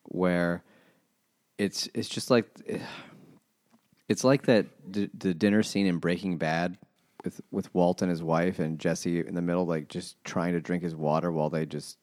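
A man's voice: low-pitched, steady tone, unhurried, a little mellow, no echo. A man co-hosting a casual book-club podcast, summing up the plot with dry sarcasm. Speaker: podcast co-host.

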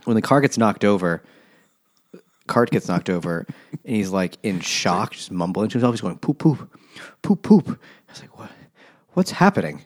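Low-voiced man in casual podcast chat. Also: very animated, moderate pace, long pauses. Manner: wry, rambling, laughs often. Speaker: podcast co-host. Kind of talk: casual book discussion.

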